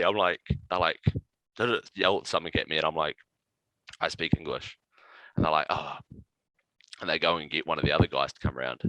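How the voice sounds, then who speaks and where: A man, a podcast guest telling a road-trip story in casual, swearing, animated chat. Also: rumbling low, no echo, low-quality recording. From New Zealand. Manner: animated anecdote-telling with profanity and laughs.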